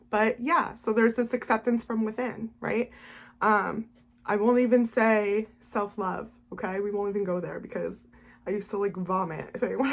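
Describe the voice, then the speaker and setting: Woman life coach talking to camera, mid pitch, lots of um and okay?, earnest and chatty. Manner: earnest, keeps adding "okay?" after each point; frequent "um" and short laughs. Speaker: spiritual life coach and tarot reader. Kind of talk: casual talk to camera.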